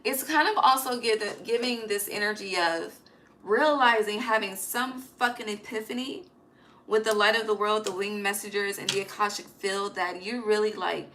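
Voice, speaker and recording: A woman's voice: mid-range voice, moderate pace, bright, forceful tone, rough recording. A woman giving a casual, emphatic tarot reading, swearing freely and dropping slangy asides. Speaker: tarot reader. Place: home at night.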